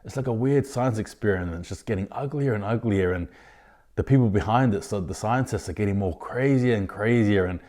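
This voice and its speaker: A man hosting his own rugby league podcast, giving indignant opinions in a ranting style, with sudden loud outbursts of disbelief. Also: fairly low pitch, a little fast. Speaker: podcast host. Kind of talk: opinionated sports commentary.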